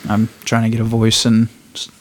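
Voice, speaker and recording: A man co-hosting a podcast, chiming in with quick, jokey remarks in casual chat. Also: fairly low pitch, monotone. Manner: quick, jokey interjections with laughs. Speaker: podcast co-host. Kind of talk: casual group chat about a tabletop game.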